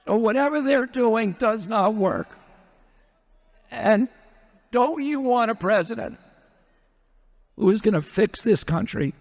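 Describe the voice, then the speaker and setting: A man's voice: high-pitched, animated, slow pace, gravelly, pauses often. A man giving a rally speech built on repeated rhetorical questions. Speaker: speaker at a political rally.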